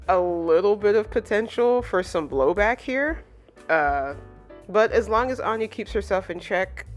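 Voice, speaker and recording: A woman giving a casual chapter review, chatty and full of fillers. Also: on the low side. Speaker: manga reviewer.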